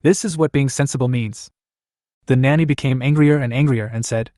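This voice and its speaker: A man reading a story recap as scripted narration, in an even, plain voice. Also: mid-range voice, a little fast, no room sound, studio quality.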